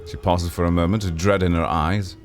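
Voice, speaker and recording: A man's voice: deep voice, expressive, normal speed, soft background music. A man voicing a despairing, sardonic aging woman who turns frantic and pleading, read from a game. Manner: wistful, then frantic and pleading.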